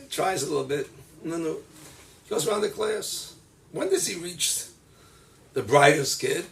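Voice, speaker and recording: Animated rabbi with a gravelly voice. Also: male voice, fairly high pitch. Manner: animated storytelling, acting out quoted voices; mixes Hebrew and Yiddish terms into English. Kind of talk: holiday sermon. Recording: distant mic with faint background noise.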